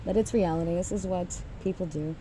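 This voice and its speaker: A woman's voice: fairly low pitch, a little fast, warm tone, a little hiss or hum. A woman giving a blunt, profane motivational rant to single mothers, emphatic and often trailing off with sighs.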